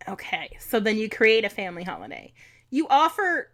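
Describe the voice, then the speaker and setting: A woman's voice: mid-range voice, huge pitch swings, moderate pace, a bit bright. A woman co-hosting a podcast, bubbly and laughing through casual banter. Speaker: podcast co-host. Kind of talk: casual chat.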